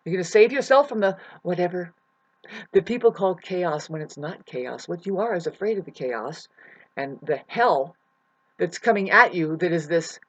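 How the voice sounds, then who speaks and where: A self-styled spiritual teacher giving a profane, preachy monologue, swinging between shouting and muttering. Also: mid-range voice, animated, moderate pace, muffled recording. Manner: preachy, lecturing the listener.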